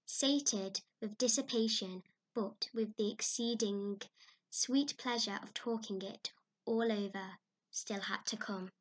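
A woman narrating a classic story in a measured, expressive way. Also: mid-range voice. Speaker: audiobook narrator. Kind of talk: scripted narration.

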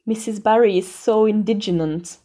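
A woman's voice: medium pitch, normal speed, dark tone, lightly acted. A woman voicing a dramatic, tearful young orphan girl who wails her woes. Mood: plaintive. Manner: wailing, melodramatic.

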